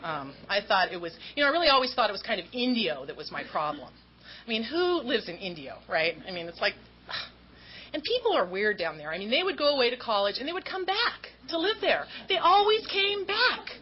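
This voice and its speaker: A woman from Southern California, her voice on the high side with big pitch swings and a brisk pace, gives a candid, self-mocking AA talk on her recovery. She performs the voices of people in her story. The recording is lo-fi and dull, with faint noise underneath.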